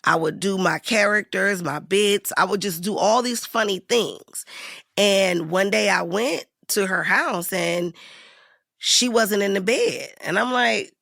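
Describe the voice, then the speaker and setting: A woman's voice: medium pitch, animated, moderate pace, gravelly, pushed and bright, no echo, clean studio sound. A woman in her fifties, an actor telling stories in an interview, acting out every voice with big swings. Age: 50s. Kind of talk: storytelling interview.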